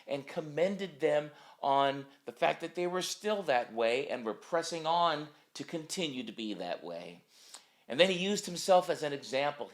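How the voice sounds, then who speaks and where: A man, a former pastor, giving a recorded anniversary greeting and exhortation in a measured preaching cadence. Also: mid-range voice.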